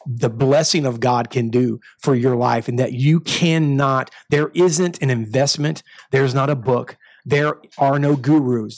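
A man's voice: medium pitch, a little mellow, dry recording. A man preaching a sermon as pastor, talking emphatically with repeated restarts and sudden rising bursts of energy.

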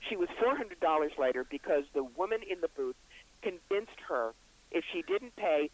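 A man with a brisk, wry storytelling manner, the psychic author and reverend being interviewed on a radio show. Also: on the high side, expressive, poor audio. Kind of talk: interview guest.

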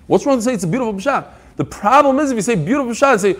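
A man giving a Talmud lesson with a high, lively voice that swings widely in pitch. He talks emphatically, reading out passages and explaining them in casual English. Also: quick pace. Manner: animated, emphatic, mixing Hebrew-Aramaic quotes with English explanation. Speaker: Talmud teacher. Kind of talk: Talmud class lecture.

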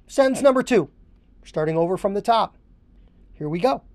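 A woman's voice: medium pitch, lively intonation, fairly quick, darkish tone, no echo. A woman hosting a podcast, coaching haircutters and drilling phrases word for word with emphatic repetition. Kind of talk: instructional podcast monologue.

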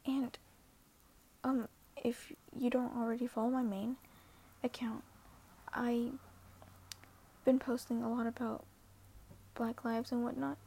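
A woman's voice: fairly high pitch, level tone, takes it slowly, vocal fry, pauses often, warm tone, breathy edge. A teenage girl talking earnestly and hesitantly in a casual vlog, often dropping to a half-whisper. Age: teens. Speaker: social media poster.

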